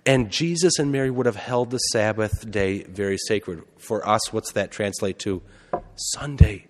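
A Catholic priest with a lowish voice speaks at a measured pace, giving a conversational sermon and often putting questions to the congregation. A long hall reverb colors the recording.

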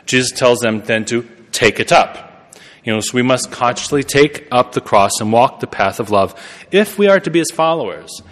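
A man's voice: medium pitch, lively intonation, normal speed, a bit bright. A man preaching a sermon in a conversational way, correcting himself and laughing at his own remarks. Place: church. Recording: long reverb of a church hall.

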